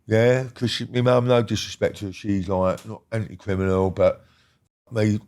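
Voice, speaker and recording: Interview guest: man, lowish voice, blunt and rambling storyteller who swears freely. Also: flat delivery, moderate pace, a little mellow. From Britain. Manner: blunt, rambling, heavy swearing, checks in with the listener. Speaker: guest recounting a criminal past. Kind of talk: casual storytelling conversation.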